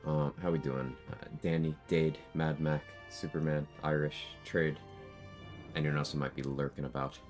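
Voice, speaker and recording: Super deep guy on a game stream, groggy morning voice, easygoing, chatting with viewers. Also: level tone, moderate pace, darkish tone, faint music behind. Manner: laid-back, greets and answers chat. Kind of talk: casual live-stream chat.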